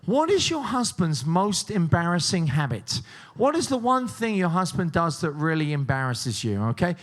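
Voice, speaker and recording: A man hosts a game show with a high, bouncing voice that swings widely. He keeps up jokey, teasing patter with the contestants. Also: very animated, normal speed. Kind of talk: cruise ship game show hosting.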